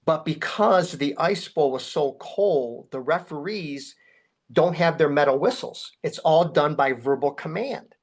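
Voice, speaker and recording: A man guest telling a long story in an interview. He talks at a middling pitch and swings sharply higher whenever he acts out someone's words. His delivery is animated and full of restarts. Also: measured pace. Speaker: guest, memorabilia collector.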